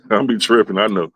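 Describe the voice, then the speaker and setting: A man's voice: on the low side, fairly bright tone, slightly rough, no room sound. A man hosting a comedic livestream, riffing in loose, profane rants full of repeated fillers. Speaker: show host. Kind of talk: casual comedic livestream commentary.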